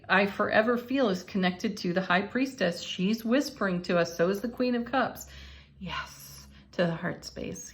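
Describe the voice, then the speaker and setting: A woman reading tarot and oracle cards in a casual, encouraging way, laughing often as she talks. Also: mid-range voice. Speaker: tarot and oracle card reader. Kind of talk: casual spiritual card reading.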